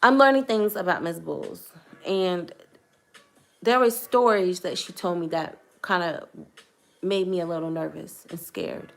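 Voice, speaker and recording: A woman's voice: on the low side, unhurried, gravelly. A young woman vlogger telling a personal testimony to camera in an earnest, hesitant way, choosing her words carefully.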